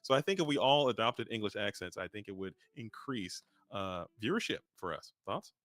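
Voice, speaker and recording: A man casting a live trading card game match in a quick, chatty way, joking between plays and restarting his sentences. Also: on the low side, expressive, fairly bright tone, no echo. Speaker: caster.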